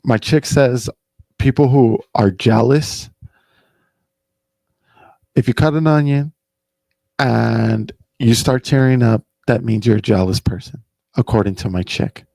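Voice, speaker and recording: A man's voice: mid-range voice, gravelly, warm tone, dry recording. A young man hosting a podcast, rambling casually and profanely, saying "bro" and "dude" constantly. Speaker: podcast host.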